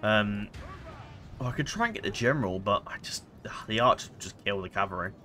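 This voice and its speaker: A man's voice: fairly low pitch, expressive, a little fast, pushed and bright, faint music behind. A man giving casual let's-play commentary, rambling and hesitant, full of fillers and self-corrections. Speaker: gameplay commentator.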